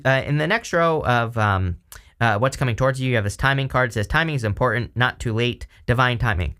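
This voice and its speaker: A man's voice: medium pitch, fairly bright tone. Rambling male tarot reader, casual. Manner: rambling, many fillers and restarts. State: throat irritated by allergies.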